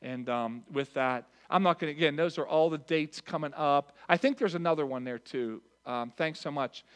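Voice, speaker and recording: A man with a somewhat high-pitched voice reads out church announcements to his congregation. He keeps it earnest and conversational, speaking straight to the people in front of him. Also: moderate pace, smooth. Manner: earnest and conversational, addressing the crowd directly. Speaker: pastor.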